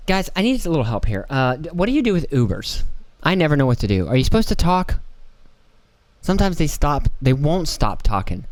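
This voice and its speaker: A man's voice: a little high, very animated, brisk. A man hosting a podcast, talking in a rambling, profane, casual monologue that wanders and interrupts itself. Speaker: podcast host.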